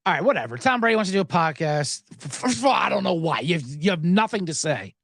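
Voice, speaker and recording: A man's voice: high-pitched, fast, gravelly, dry recording, studio quality. A man hosting a sports betting podcast, ranting sarcastically about line moves and celebrities, swearing often. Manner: animated, sarcastic, swears a lot. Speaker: podcast host. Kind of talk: profane sports betting rant.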